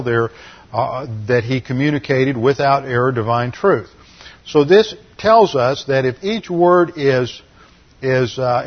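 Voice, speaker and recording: A man delivering a teaching sermon with a mid-range voice. He explains slowly and methodically and often restarts his sentences. The recording sounds slightly dull and lo-fi. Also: medium pitch. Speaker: Bible teacher. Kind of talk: sermon lecture.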